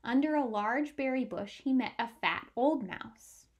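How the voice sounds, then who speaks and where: A woman reading a picture book aloud with clear, expressive storytelling. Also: a little high, a little slow, lo-fi sound.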